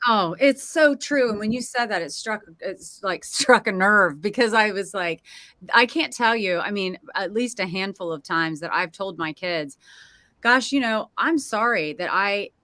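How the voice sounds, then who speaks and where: Bright, expressive middle-aged woman host. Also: mid-range voice, no room sound. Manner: emotional, expressive, quick laughs. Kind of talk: casual panel chat.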